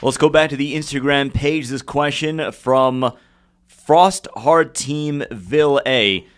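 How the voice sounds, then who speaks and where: Man reading out viewer questions. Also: mid-range voice. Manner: reads carefully and slowly, with light asides. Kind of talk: reading questions aloud on a live show.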